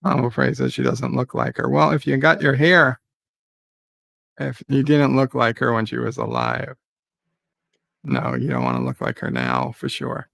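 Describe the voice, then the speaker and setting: Gravelly-voiced man hosting a live chat. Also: mid-range voice, animated, normal speed, a bit bright, no room sound. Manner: rambling, many fillers and restarts. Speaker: livestream host. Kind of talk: casual live-stream chat reading viewer comments.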